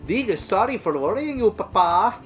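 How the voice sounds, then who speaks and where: A small, timid boy in a video game, speaking with a put-on accent, as a man voices him. The voice sits well above a grown man's usual pitch. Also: big pitch swings, moderate pace, faint music behind. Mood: relieved. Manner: higher put-on accented child voice.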